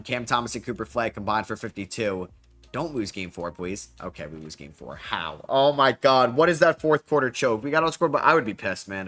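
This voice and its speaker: A young man commentating his basketball video game as he plays, excitable and quick to groan and yell at bad plays. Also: medium pitch. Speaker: gaming YouTuber. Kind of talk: game commentary while playing.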